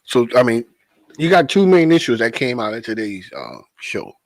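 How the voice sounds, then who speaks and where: Animated, swearing New man. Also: mid-range voice, moderate pace, no room sound. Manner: animated, laughs often, swears. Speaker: podcast co-host, transit worker. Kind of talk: casual chat.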